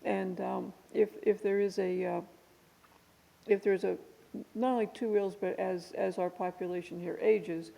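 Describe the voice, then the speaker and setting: Gravelly, flat-voiced woman hearing examiner. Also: mid-range voice. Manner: halting, muffled by a cough drop. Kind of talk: formal public hearing. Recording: long reverb in a hearing room.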